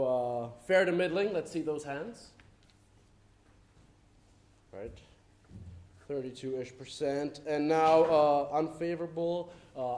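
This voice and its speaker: A man acting a brisk, officious wartime official addressing a crowd in a live stage play, with hesitant fillers. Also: a little high, darkish tone, natural voice. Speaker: stage actor. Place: theatre stage. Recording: echoey theatre stage.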